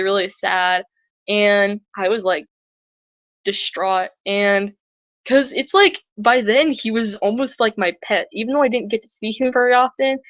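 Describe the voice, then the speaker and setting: A woman's voice: mid-range voice, no echo. A woman telling a personal story in a casual, rambling way, filling her sentences with "like". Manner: rambling, heavy use of filler "like". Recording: dull lo-fi dry recording.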